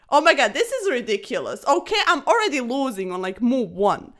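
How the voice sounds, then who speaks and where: A woman chess streamer giving casual, excitable commentary over fast games, chatty and a little breathless, tacking "sir" onto her sentences. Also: on the high side. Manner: excitable, chatty, keeps saying "sir", laughs often.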